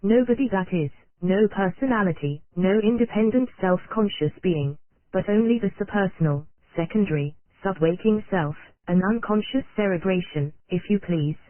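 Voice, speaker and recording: Un narrador de audiolibro con voz de tono medio lee un texto de forma pausada y uniforme, pronunciando en voz alta hasta los símbolos. El sonido es seco y metálico, como filtrado por una línea telefónica, sin nada de eco. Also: medium pitch, no room sound. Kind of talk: scripted narration of a psychology book. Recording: tinny, phone-like dry recording.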